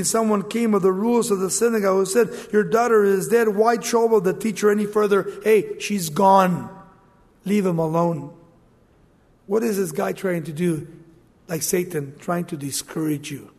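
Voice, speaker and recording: Animated high-voiced male preacher in reverberant hall. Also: slightly rough. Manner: animated, acts out Bible scenes in quoted voices. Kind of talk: sermon.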